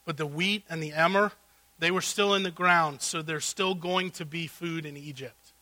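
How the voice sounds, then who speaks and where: A man preaching a sermon as pastor, swinging between loud exclamations and hushed asides. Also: fairly high pitch, fairly even intonation, moderate pace, no room sound.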